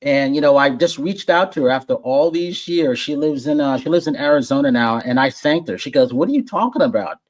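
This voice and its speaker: A man guest on a podcast, telling stories in a warm, friendly, animated way, often restarting his sentences and acting out other people's lines. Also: mid-range voice, brisk, few pauses. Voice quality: warm and friendly voice-over delivery. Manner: animated, acts out quoted voices, repeats words when starting. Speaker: podcast guest, entertainment journalist. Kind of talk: casual interview storytelling.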